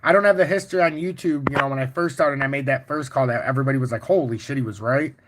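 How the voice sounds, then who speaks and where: A man hosting a casual crypto livestream, walking through charts and chatting with viewers in a boastful, profane, animated way. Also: medium pitch, rapid-fire, noisy background. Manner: boastful and confident. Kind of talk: casual livestream chart talk, answering chat.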